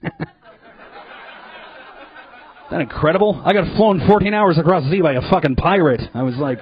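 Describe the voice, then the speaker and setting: A man performing a live stand-up set in a comedy club, animated and profane, jumping now and then into loud put-on voices. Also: on the high side, moderate pace, long pauses, a faint crowd, slight background noise. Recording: dull lo-fi live recording.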